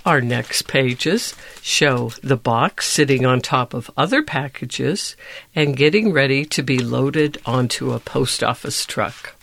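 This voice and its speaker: Brief: gentle storyteller, slow-paced, gravelly voice, reading a picture book aloud. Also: medium pitch, a little hiss or hum.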